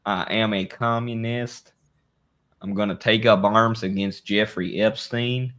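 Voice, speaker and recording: A man's voice: on the low side, fairly even intonation, unhurried, fairly bright tone. A man putting on a Southern US accent to play a hokey redneck man introducing himself. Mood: mock-earnest. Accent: put-on Southern US.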